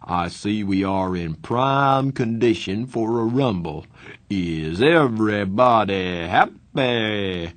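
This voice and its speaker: A man's voice: on the low side, lively intonation, takes it slowly, no echo. A man playing a wisecracking teenage jokester in a storybook reading, with a timbre set apart from the narrator's. He talks with cheerful swagger and slides into a mock-snobbish drawl. He stays playful from line to line.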